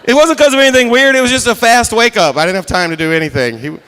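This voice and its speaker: Male comedian on stage, high, bright, clear voice, animated storyteller. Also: fast. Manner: animated storytelling, acts out drill instructor. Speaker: stand-up comedian. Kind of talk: stand-up set. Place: comedy stage before a live audience.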